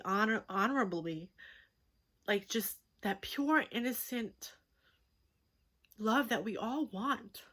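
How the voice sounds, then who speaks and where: Woman, 30s, candid storytelling vlog, rambling, frank, swears, bright tense tone. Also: medium pitch. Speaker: vlogger.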